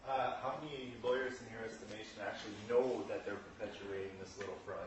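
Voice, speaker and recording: A man in a small group asking questions and adding brief quiet comments. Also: fairly low pitch, steady tone, quick pace, slight background noise, rough recording. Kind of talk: casual chat.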